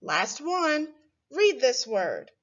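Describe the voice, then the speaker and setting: A woman teaching a first grade phonics lesson, speaking slowly and clearly and stretching words for young children. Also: sits high, very animated, highs cut off.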